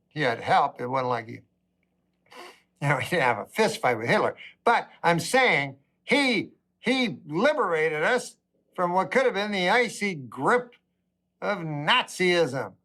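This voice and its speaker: Deadpan middle-aged man doing stand-up. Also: sits high, measured pace. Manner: deadpan, rambling with asides. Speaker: stand-up comedian. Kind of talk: stand-up comedy routine.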